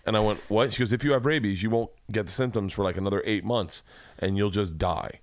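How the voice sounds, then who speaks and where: In a home studio room, a man hosting a podcast tells a story during a casual chat, swearing freely and acting out the people he quotes. His voice is fairly low in pitch, and he talks fast.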